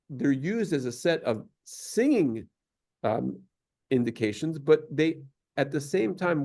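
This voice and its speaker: A man's voice: on the high side, creaky, a little mellow. A man teaching a class, explaining at length with many fillers and restarts and taking questions.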